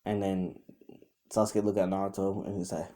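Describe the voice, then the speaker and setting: A man's voice: deep voice, little pitch movement, normal speed, dark tone. A young man casually retelling a fan story off the cuff, rambling with many fillers and restarts. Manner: quotes characters in his own voice.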